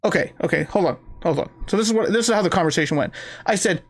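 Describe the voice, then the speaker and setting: A man's voice: high-pitched, fast talker. A man co-hosting a loose, casual podcast, spinning stories with lots of swearing. He acts out every character in a phone call himself and keeps the energy up. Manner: animated storyteller, profane, acts out both sides of phone calls. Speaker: podcast co-host.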